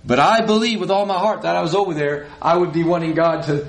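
A fast-talking man with a gravelly, fairly high voice preaches a sermon over poor audio. He reads scripture, has the congregation respond in call-and-response, and tosses in folksy asides.

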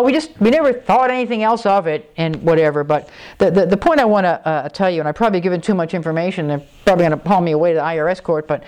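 Emotional woman pastor, halting sermon. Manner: emotional, halting, wide swings in pitch. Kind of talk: confessional sermon. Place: church.

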